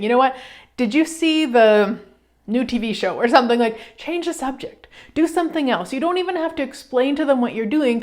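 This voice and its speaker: A woman hosting a self-help radio show, talking in an animated, casual way and acting out the voices she quotes, with some swearing. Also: fairly high pitch. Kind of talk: motivational self-help talk.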